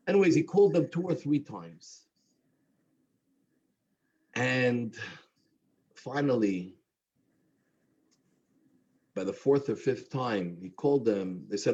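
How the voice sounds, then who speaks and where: A man telling a story at a Havdalah gathering, animating the characters with a husky voice. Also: takes it slowly, long pauses. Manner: animated, voicing characters with rising pitch. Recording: dull lo-fi recording.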